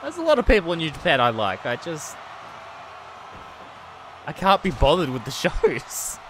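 Excitable man streaming a wrestling game. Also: on the high side, normal speed, a little hiss or hum. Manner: excitable, swears and laughs often, swings from yelling to muttering. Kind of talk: live stream commentary.

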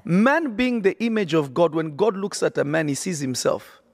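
A man's voice: sits high, animated, normal speed, no room sound. A man preaching on a podcast, emphatic and repetitive, often checking that listeners follow. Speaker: prophet and podcast host.

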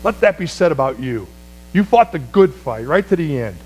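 A man preaching a sermon as pastor, swinging from loud, high exclamations to low, quiet phrases. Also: big pitch swings, moderate pace, poor audio.

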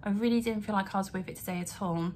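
A woman's voice: mid-range voice, fast, a little mellow, slight background noise. A young adult woman speaking earnestly to camera from her home, rambling and apologetic as she talks through her feelings. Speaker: vlogger. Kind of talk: emotional vlog rant to camera. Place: home, indoors.

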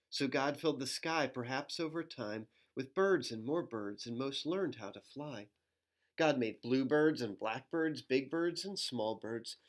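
A male pastor reads a rhyming children's book aloud in an easy, mid-pitched voice. He slips into playful asides for young listeners and joins in with animal noises. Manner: gentle storytelling with playful asides and animal sounds.

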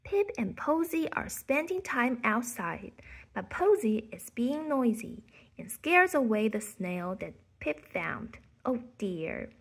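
A woman reading a children's picture book aloud in a soft, half-whispered storytelling manner. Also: fairly high pitch, sing-song, slow, gravelly, slightly rough.

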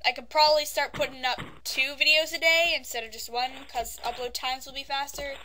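A woman giving casual let's-play commentary into a desk microphone, chatty and prone to sudden yelps and yelling at the game. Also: high-pitched, fairly even intonation, a little fast, a little hiss or hum. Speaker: gaming YouTuber.

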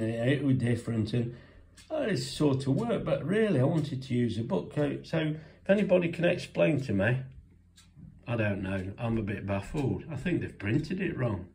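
A man's voice: mid-range voice, mellow. A man chatting casually in his home cooking vlog, talking to himself as he tastes a cake. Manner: chatty, self-talking, talks with mouth full.

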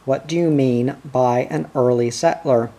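Gruff blunt prospector, read by a man. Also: mid-range voice, measured pace, warm tone.

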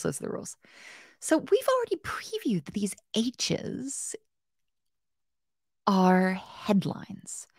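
A woman teaching a casual live-stream coding tutorial. Her pitch swings all over the place, and her voice has a gravelly fry to it. She is chatty, playful and self-mocking, and she talks straight to chat viewers in a dry, close sound. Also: no echo. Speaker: web development bootcamp host.

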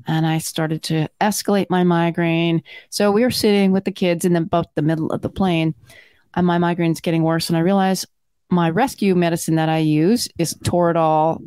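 A woman's voice: lowish voice, warm tone, clear, resonant tone, no echo, clean studio sound. A woman who is a physician and podcast co-host, chatting casually and telling stories in detail with asides. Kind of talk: casual chat and storytelling.

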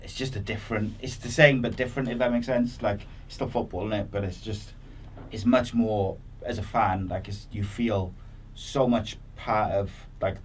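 Low-voiced man hosting a podcast. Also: steady tone, normal speed, few pauses, distant mic, slight background noise. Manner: chatty, filler-heavy questions. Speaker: podcast host. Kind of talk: casual interview chat.

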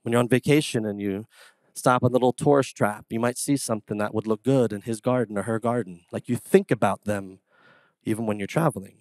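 A man preaching a sermon as pastor, telling casual stories in an animated, conversational way. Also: on the low side, fairly quick, no room sound. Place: church sanctuary.

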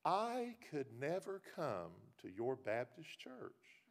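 A man voicing a sweet-spoken woman minister, high and slow in a syrupy way. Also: huge pitch swings, creaky, full character voice. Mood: sweetly polite.

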